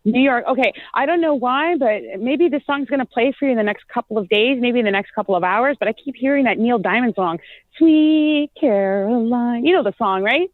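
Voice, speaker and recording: A woman appears as a psychic guest on a call-in radio show, speaking at a quick pace with few pauses in a fairly high voice. She's chatty and effusive, full of "like" and "you know," heard over a tinny phone line without room sound.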